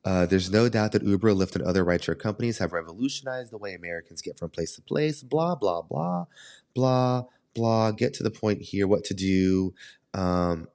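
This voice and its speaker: A man hosting a podcast, telling stories in a casual chat and jumping up in pitch when he acts out what people said. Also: a little fast. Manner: animated, jumps high in pitch when acting out quotes. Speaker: podcast host.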